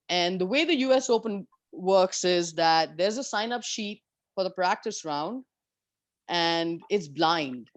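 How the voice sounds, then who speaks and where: A woman golfer telling stories of her years on tour in an interview, animated and candid, swearing freely. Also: on the low side, no echo. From India. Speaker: professional golfer guest. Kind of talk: storytelling in an interview.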